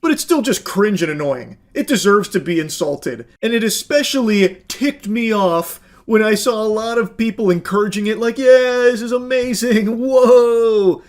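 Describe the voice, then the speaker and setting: High-pitched male commentator, sarcastic and profane, reaction video host. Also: expressive, normal speed, hardly any pauses. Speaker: commentary YouTuber.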